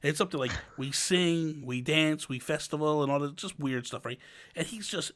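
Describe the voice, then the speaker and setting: A man's voice: on the high side, moderate pace. A man in his thirties hosting a podcast, chatting casually and acting out quotes in his stories. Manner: animated storyteller, acts out quotes. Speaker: podcast host. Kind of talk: casual chat.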